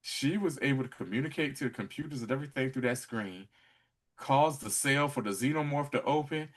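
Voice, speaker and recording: A man's voice: mid-range voice, fairly quick. A man co-hosting a casual podcast, retelling an episode with lots of laughter and acted-out lines. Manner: animated storytelling, acting out characters' lines; laughs often while talking. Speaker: podcast co-host. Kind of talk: casual recap chat.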